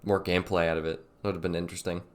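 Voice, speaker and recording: A man's voice: sits low, little pitch movement, racing. A man co-hosting a podcast, reacting casually with short replies and laughs while talking about a game. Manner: laid-back listener, short reactions and laughs. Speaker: podcast co-host.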